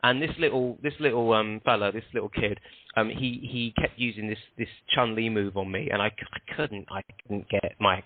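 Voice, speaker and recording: A man's voice: fairly low pitch, brisk, slight background noise. A man, a guest on a show, telling rambling anecdotes with lots of restarts. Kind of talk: casual interview chat. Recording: dry, tinny phone-like line.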